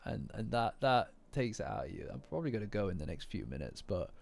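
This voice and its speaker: A man's voice: lowish voice, big pitch swings, fast talker, creaky, a little mellow. A tired young man who chats casually on a livestream, rambling and apologizing for it. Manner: rambling, apologetic, self-deprecating. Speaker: streamer. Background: faint lofi music.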